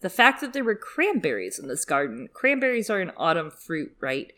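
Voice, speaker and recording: Low-pitched woman, casual podcast co-host, wry humor. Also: big pitch swings, normal speed, fairly bright tone. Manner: wry, joking asides. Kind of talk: casual chat.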